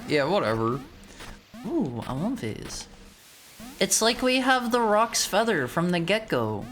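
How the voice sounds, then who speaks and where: A young woman streamer with a fairly low, sing-song voice chats unhurriedly while playing a game, faint music behind her. Her let's-play commentary rambles, and she often stumbles over and repeats her words.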